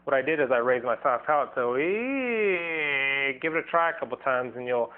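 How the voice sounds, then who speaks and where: A man's voice: medium pitch, rapid-fire. Man teaching singing through a tinny line. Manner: loose, rambling, restarts his sentences; demonstrates vocal sounds as he explains. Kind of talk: casual vocal lesson video. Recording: thin, phone-like band.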